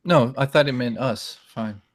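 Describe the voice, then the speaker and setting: A man's voice: mid-range voice, measured pace, dry recording, clean studio sound. A man from the Netherlands, a YouTube guest, chatting casually and joking about doing voice impressions. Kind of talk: casual chat.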